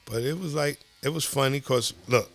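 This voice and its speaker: A middle-aged man from Southside Jamaica Queens with a New York accent, telling stories as a podcast guest in an animated, profane way. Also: medium pitch, normal speed, gravelly, soft background music. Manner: animated, profane, acts out quoted voices. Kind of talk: casual storytelling.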